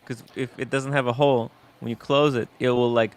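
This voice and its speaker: A man's voice: mid-range voice, level tone, a little fast, heavy background noise. A man in casual chat, joking and playful.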